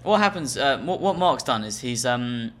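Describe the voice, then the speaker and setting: A man's voice: mid-range voice, animated, normal speed, fairly bright tone. A man co-hosting a podcast, reading listener emails aloud with dry, wry humour. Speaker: podcast co-host. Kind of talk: casual comedic chat.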